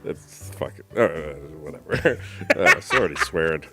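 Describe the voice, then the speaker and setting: A hoarse man co-hosting a podcast, chatting casually and joking through a trivia game. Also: rumbling low, moderate pace, over loud music. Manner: loose, joking, animated. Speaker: podcast co-host.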